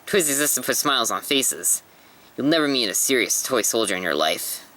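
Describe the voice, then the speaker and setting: A man's voice: medium pitch, animated, normal speed, bright, forceful tone, poor audio. A man voicing a cheeky, fussy male toy soldier in a casual manga read-aloud.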